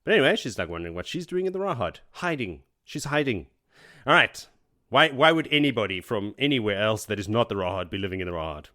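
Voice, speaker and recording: A man co-hosting a book podcast, recapping chapters in casual chat and acting out characters' lines in quick voices. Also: fairly low pitch, big pitch swings, sharp tone. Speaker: podcast co-host.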